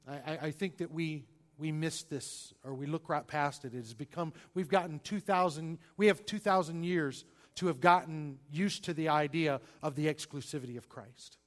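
A man preaching a sermon, stressing single words and swinging between loud and quiet delivery. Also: fairly high pitch, moderate pace. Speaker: pastor.

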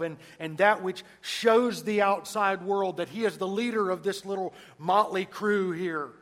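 Male preacher, fairly high-pitched, emphatic, loud-to-soft dynamics. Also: low-quality recording. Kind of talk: sermon.

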